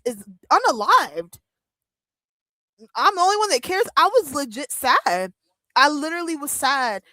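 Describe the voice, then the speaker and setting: A young woman chatting casually as host of a wrestling watch-along, excitable and full of fillers and laughs. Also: on the high side, no echo. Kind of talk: casual chat.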